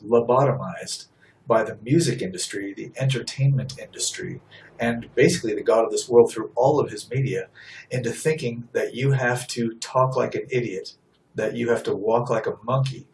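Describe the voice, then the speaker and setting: A man's voice: medium pitch, recorded from a distance, slight background noise, low-quality recording. A man giving an impassioned sermon, blunt and emphatic, driving points home by repeating them. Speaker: street preacher.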